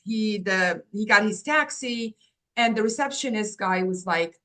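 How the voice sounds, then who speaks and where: Guest storyteller: woman, middle pitch, animated, acts out dialogue. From Morocco. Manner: animated, acts out quoted dialogue, quick restarts. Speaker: guest, agency founder. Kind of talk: personal storytelling in an interview.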